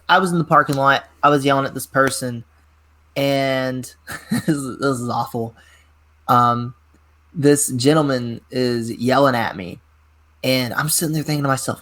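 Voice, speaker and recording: A man in his twenties, a pro wrestler guest telling rambling, animated stories in a casual interview, full of filler words. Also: mid-range voice, measured pace. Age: 20s.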